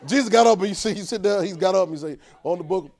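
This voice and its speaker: A man preaching a sermon, urging the congregation to repeat lines after him and swinging between quiet, drawn-out talk and loud bursts. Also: sits high, creaky, some chatter behind.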